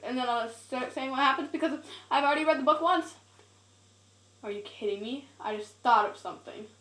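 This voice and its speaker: A woman's voice: high voice, a little fast, fairly bright tone, poor audio. Chatty teenage girl vlogging at home. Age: teens. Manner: chatty, full of "like", giggly asides. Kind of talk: casual rambling vlog. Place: home, indoors. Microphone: camera set on a shelf.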